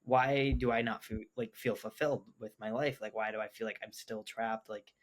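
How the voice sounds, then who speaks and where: Young man telling a story, animated. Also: on the low side, normal speed. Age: young adult. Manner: animated, quotes himself, heavy use of "like". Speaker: podcast guest. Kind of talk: casual storytelling chat.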